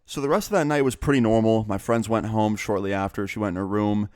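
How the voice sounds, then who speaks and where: Young male vlogger with a lowish voice, casual chatty storyteller, close and dry. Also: fast, a little mellow, smooth, no echo. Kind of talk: storytime vlog.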